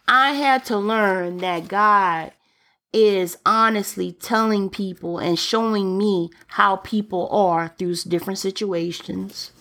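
A woman's voice: mid-range voice, slow, a bit bright. A woman preaching a sermon in an emphatic, repetitive way, returning to key phrases for emphasis.

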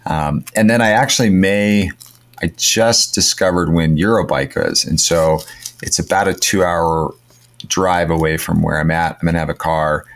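A man's voice: deep voice, steady tone, moderate pace. A man co-hosting a podcast in casual chat, upbeat and rambling, with lots of fillers and restarts. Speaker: podcast co-host.

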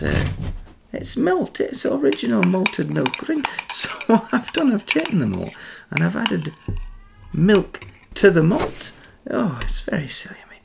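Gravelly whispering man making a drink. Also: high-pitched, heavy background noise. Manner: soft whispering, chatty and giggly. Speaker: ASMR creator. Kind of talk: whispered ASMR cooking demo. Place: home kitchen. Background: cutlery and dish clatter.

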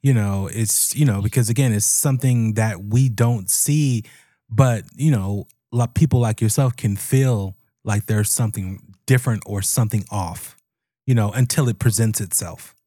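A man hosting a podcast interview, asking questions in a halting, searching way. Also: fairly low pitch, mellow, dry recording, studio quality. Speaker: podcast host. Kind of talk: casual interview chat.

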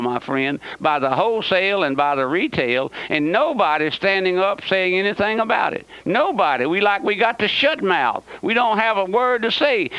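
Male radio preacher, high bright voice, impassioned and repetitive, dry dull radio sound. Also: clean tone, no echo. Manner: impassioned, repeats phrases, calls listeners "my friend". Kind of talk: fiery radio sermon.

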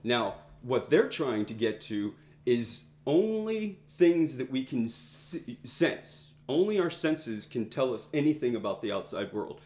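A man's voice: medium pitch, big pitch swings, darkish tone. Man teaching in an echoey room. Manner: conversational, thinks aloud, pauses to find words. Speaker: Bible study teacher. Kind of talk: informal teaching talk to a group.

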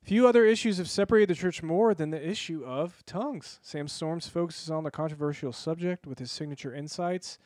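A man's voice: a little high, brisk, hardly any pauses, darkish tone, no room sound. Playful man hosting a book segment. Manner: playful, mock-formal segment intros. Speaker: podcast co-host presenting a book segment. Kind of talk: casual podcast chat.

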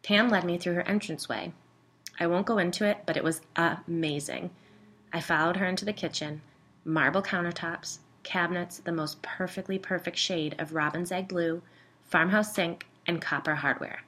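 A woman's voice: fairly low pitch, steady tone, normal speed, fairly bright tone. A woman narrating a first-person story in a wry, conversational way.

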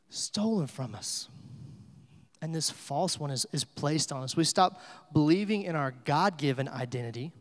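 A man's voice: a little high, in a large hall. A man preaching a sermon in a church, telling stories in a loose conversational way with many fillers. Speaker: pastor.

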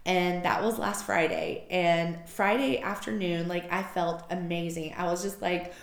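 Female podcast host, gravelly, emotional and rambling storyteller, roomy sound. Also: lowish voice, steady tone, measured pace. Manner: emotional, rambling, heavy use of filler "like". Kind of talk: personal storytelling monologue.

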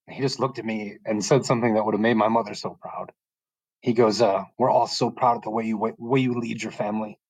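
A middle-aged man from the United States telling a personal faith testimony in a calm, soft-spoken way, often pausing and restarting as he gets emotional. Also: mid-range voice, dry recording. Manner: halting and emotional, frequent restarts. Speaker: podcast guest sharing testimony. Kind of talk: personal testimony, casual storytelling.

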